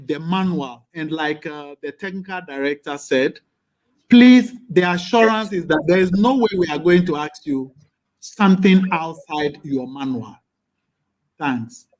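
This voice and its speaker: A man with a notably high voice advises students on exam preparation. He talks emphatically, repeats phrases and stumbles over fillers. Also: darkish tone. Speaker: presenter. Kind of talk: advisory talk.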